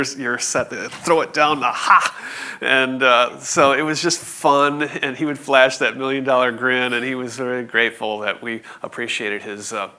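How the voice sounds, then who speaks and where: A man in his forties telling a conference audience a story, halting with many fillers and restarts, with light chuckles. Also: mid-range voice, sharp tone. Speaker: conference speaker. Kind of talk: presentation talk.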